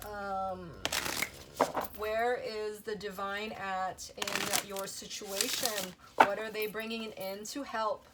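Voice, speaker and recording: A young woman gives a spiritual tarot reading to her viewers. She gushes in delighted exclamations and keeps checking in with "okay?" and "you know". Her voice sits at an everyday middle pitch for a woman. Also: flat delivery, slow pace, very noisy. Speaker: tarot reader.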